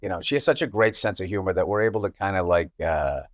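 A man's voice: low voice, fast talker, no room sound, studio quality. A man comedian as a podcast guest, chatting casually, swearing and breaking into mock voices. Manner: animated, profane, jumps into mock voices.

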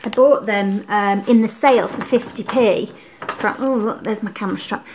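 A young woman's medium-pitched, slightly mellow voice comes at a normal pace as she vlogs cheerfully about her home and Christmas tree, with plenty of ums. A little hiss or hum is present. She's a lifestyle vlogger using a camera mic in her roomy-sounding living room.

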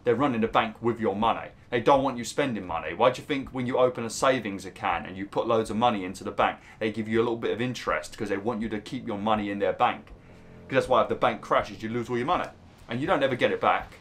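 A man's voice: fairly low pitch, quick pace, fairly bright tone. A man giving rambling, casual commentary over a video game, swearing and laughing easily. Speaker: gaming YouTuber.

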